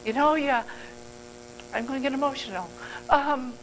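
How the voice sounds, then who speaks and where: A woman's voice: high voice, normal speed, long pauses, a little hiss or hum, low-quality recording. An older woman giving a motivational talk as a guest speaker at a club meeting. She speaks earnestly, rambles and corrects herself mid-sentence.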